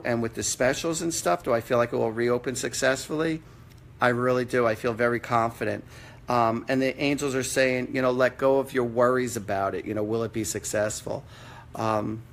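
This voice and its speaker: Gravelly-voiced man giving casual readings. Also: mid-range voice. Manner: casual, blunt, mild swearing. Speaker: psychic medium host. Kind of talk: live-stream psychic readings. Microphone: computer or phone mic on a live stream.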